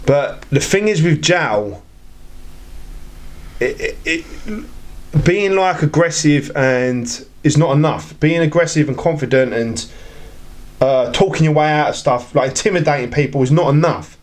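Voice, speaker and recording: A man chats loosely on a podcast, his voice sitting a little higher than most men's. He rambles through stories with many restarts and acts out the lines of the people in them. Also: unhurried. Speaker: podcast guest. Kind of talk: casual chat.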